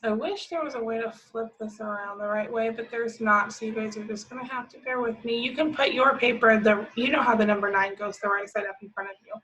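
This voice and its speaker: A woman teaching a remote phonics lesson to young children, stretching out each word slowly as she sounds it. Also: fairly high pitch, steady tone, bright, forceful tone, slight background noise. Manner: slow, drawn-out sounding of words. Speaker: preschool teacher. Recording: slightly dull lo-fi audio.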